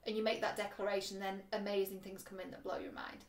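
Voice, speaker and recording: A woman's voice: medium pitch, flat delivery, fast, few pauses. A young British woman giving casual, frank love and friendship advice to camera, chatty and swearing easily, with lots of "like" fillers. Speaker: dating coach and vlogger. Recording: echoey room.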